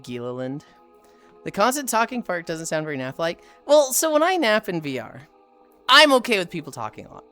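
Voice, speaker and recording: A woman's voice: fairly low pitch, fairly quick, soft background music. A woman in her thirties streaming live, chatting casually with her chat and friends, telling stories with lots of laughter. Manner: animated storytelling, laughs often.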